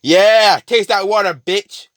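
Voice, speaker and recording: A man's voice: medium pitch, big pitch swings, fairly quick, no echo, studio quality, close to an everyday voice. A man voicing a sadistic male killer bonded to a monster, taunting his victims with mocking glee in a fan storytelling video. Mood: gleeful.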